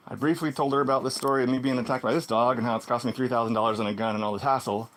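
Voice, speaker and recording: Animated man telling a story. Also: a little hiss or hum. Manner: animated, swings between loud exclaims and low muttered asides. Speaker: vlogger. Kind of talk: casual storytelling monologue.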